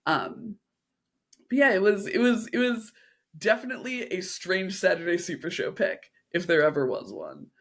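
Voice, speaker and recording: A woman co-hosts a podcast in relaxed conversation. She is upbeat and agreeable. She keeps the talk moving between topics. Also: lowish voice, moderate pace. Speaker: podcast co-host. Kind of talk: casual chat.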